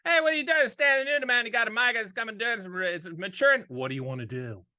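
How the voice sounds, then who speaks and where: A man putting on the voice of an older uncle who mumbles and slurs in a high voice, so it is hard to make out. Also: lively intonation, fast, sharp tone, no room sound, full character voice. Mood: mumbly. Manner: high, slurred, mumbled calls.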